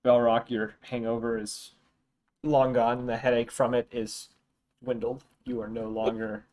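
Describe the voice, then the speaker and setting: A young man running a tabletop game as dungeon master, narrating in a relaxed, meandering way with fillers. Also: mid-range voice, a little slow.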